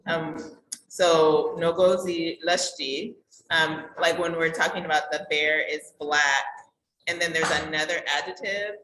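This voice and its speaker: Low-voiced woman asking grammar questions. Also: fairly even intonation, unhurried, fairly bright tone. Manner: hesitant, searching for words. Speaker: student. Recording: echoey room with faint noise.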